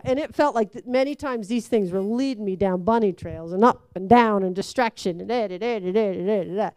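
A woman giving a conversational sermon, telling stories with lively acted-out quotes. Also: medium pitch, normal speed, few pauses, clean tone, no room sound. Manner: animated storytelling, acts out quotes. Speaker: preacher.

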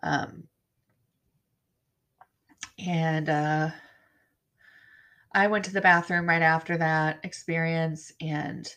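A woman telling her own story as a bereaved mother, halting and frank, with blunt swearing. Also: low-pitched, fairly bright tone. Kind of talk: personal storytelling to camera.

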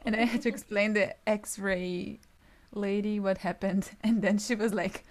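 A woman's voice: medium pitch, steady tone, a little slow, a little mellow. A woman, a music student, telling stories in casual chat, upbeat and laughing mid-sentence.

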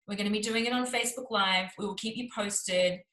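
A woman's voice: mid-range voice, fairly even intonation, brisk, fairly bright tone, echoey room, poor audio. A woman co-hosting a casual live chat, upbeat and chatty with many fillers. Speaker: co-host.

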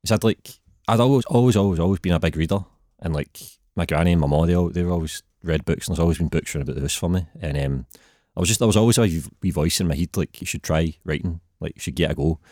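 Glaswegian man, 30s, booming low voice, quick laid-back chat, dry close sound. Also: dark tone, dry recording. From Scotland. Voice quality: very deep voice. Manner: laid-back, laughs easily. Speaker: guest writer. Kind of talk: casual podcast chat.

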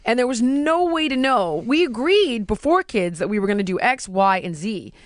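A woman in casual chat, telling stories in an animated way and acting out what people said. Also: fairly high pitch, normal speed, no room sound, studio quality. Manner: animated storytelling, acting out quotes.

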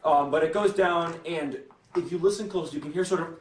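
A young man narrating a tabletop game as game master, stumbling over restarts and fillers. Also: on the high side. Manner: halting, many restarts and fillers. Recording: echoey room with faint music.

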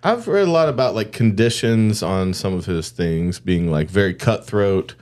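A man's voice: fairly low pitch, animated, moderate pace, darkish tone. A man co-hosting a comedy podcast, joking and profane in casual chat. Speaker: podcast co-host.

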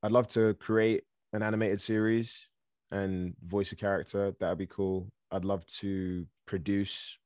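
An easygoing man speaks as an actor guest in a casual interview. His voice is very deep, and he stammers lightly as he talks in a relaxed way. The sound is dry and close. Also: unhurried, dry recording.

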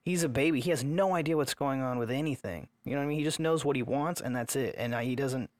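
A man talking casually on a podcast, earnest and firmly opinionated about raising kids, with the odd swear word for emphasis. His voice is of middle pitch and sounds dry and close, with no room around it. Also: fast talker, dry recording. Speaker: podcast co-host, father. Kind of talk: casual chat.

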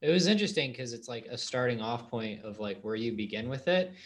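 A man hosting a casual podcast interview, upbeat and quick with slangy reactions. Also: mid-range voice, animated. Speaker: podcast host.

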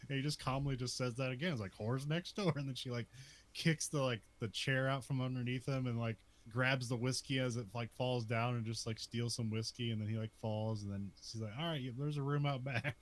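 A man's voice: medium pitch, little pitch movement, fairly quick. Laughing man recapping a movie, chatty. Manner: laughs often, many "like" fillers. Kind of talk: casual chat recapping a movie.

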